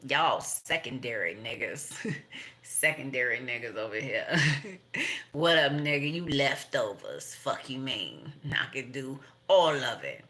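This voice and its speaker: A woman's voice: extremely low pitch, very animated, takes it slowly, a bit bright. A middle-aged woman, talking in a blunt, profane, rambling monologue with laughing asides. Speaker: tarot reader.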